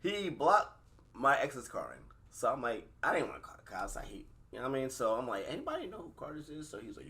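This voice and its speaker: A man co-hosting a podcast talks quickly, and his pitch leaps all over the place as he tells stories. His tone is bright and forward. He laughs easily and acts out the people he quotes. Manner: laughing, animated storyteller acting out quotes. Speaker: podcast co-host. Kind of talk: casual chat.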